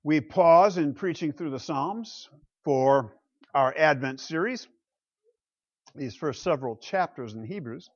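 A man's voice: on the high side, expressive, a little slow, muffled recording. A man preaching a sermon from the pulpit as pastor, talking conversationally and asking the congregation rhetorical questions. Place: church pulpit.

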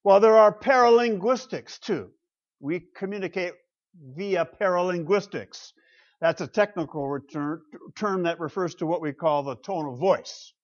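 A man's voice: sits high, normal speed, muffled recording. A man preaching a sermon from the pulpit as pastor, talking conversationally and asking the congregation rhetorical questions. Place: church pulpit.

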